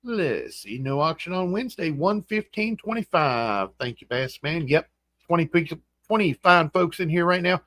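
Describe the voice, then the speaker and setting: Folksy West Virginian man, lively pitch. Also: normal speed, dry recording. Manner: folksy, reads out and greets chat names. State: groggy morning voice. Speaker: livestream host. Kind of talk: casual livestream chat, greeting viewers. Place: home room.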